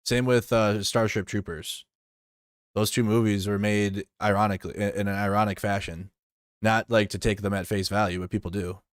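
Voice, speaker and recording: A man's voice: lowish voice, flat delivery, moderate pace, dry recording, clean studio sound. A man streaming live, reacting to news in loose, profane, rambling talk. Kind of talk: casual live stream commentary.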